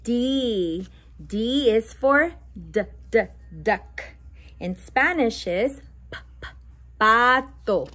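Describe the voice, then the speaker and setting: A woman's voice: on the high side, animated, bright, forceful tone. A woman reading a bilingual picture book aloud to toddlers, stressing each letter sound and adding playful animal noises. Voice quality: slow, sound-by-sound letter emphasis. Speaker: children's book reader.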